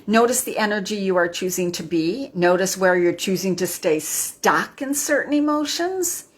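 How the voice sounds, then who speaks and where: A woman's voice: mid-range voice, expressive, moderate pace, husky. A woman in her fifties giving an earnest motivational talk on a live stream, often ending her points with a questioning "right?". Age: 50s. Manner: earnest, tags lines with "right?". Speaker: midlife wellness host.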